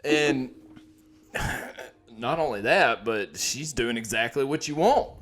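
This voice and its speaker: A man's voice: medium pitch, lively intonation, takes it slowly, fairly bright tone. A man co-hosting a comedy podcast, telling rambling stories and breaking into laughter. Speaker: podcast co-host. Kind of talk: casual comedy podcast chat.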